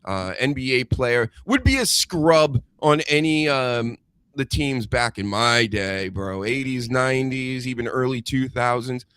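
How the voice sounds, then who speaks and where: A man's voice: mid-range voice, lively intonation, a little slow, fairly bright tone, clear, resonant tone, no room sound. Griping man, dry close mic. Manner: griping, dismissive. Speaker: podcast co-host. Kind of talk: casual banter.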